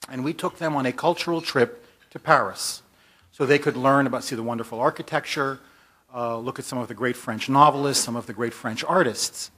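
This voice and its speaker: A man, a magazine editor, telling a story in an emphatic speech to a conference audience, building up to forceful repeated lists. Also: medium pitch, slightly rough. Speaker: magazine editor giving a talk. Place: conference hall.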